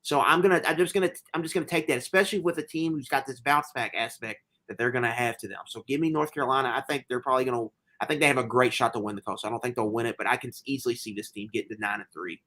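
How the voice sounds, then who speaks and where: Animated man talking football picks. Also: mid-range voice, very fast, hardly any pauses. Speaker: podcast co-host. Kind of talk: casual sports betting chat.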